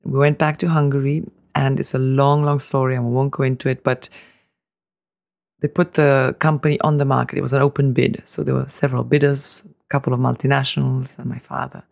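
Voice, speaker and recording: Gravelly middle-aged man telling family stories. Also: medium pitch, flat delivery, a little fast, no room sound. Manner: rambling anecdotes with fillers, laughs easily. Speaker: guest, family business heir. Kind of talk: casual storytelling interview.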